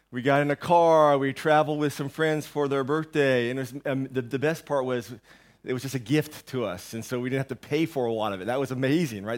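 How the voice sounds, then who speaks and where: A man in his thirties preaching a rambling, self-deprecating sermon, while sick with a sore throat and medicated. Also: medium pitch. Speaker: pastor. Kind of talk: conversational sermon. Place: church.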